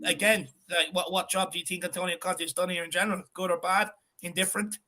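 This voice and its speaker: Bright-voiced Irish man hosting. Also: sits high, fairly even intonation. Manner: quick, upbeat, fills in with short mms. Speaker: host. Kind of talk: casual podcast hosting.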